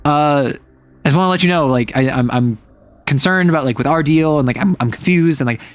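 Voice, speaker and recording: A man's voice: fairly high pitch, brisk, no echo, soft background music, close to an everyday voice. A man voicing a worried teen schoolgirl. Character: teen schoolgirl, anxious and earnest.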